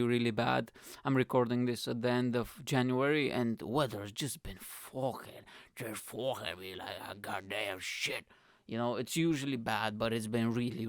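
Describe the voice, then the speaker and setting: A man who is a stand-up comedian hosting his own podcast, rambling loudly and swearing constantly as his pitch jumps suddenly. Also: creaky, no echo, clean studio sound. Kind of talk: solo comedy podcast monologue.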